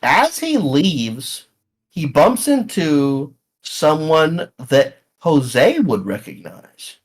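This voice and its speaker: A man narrating and running a tabletop game as game master, in a relaxed, halting way. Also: fairly high pitch.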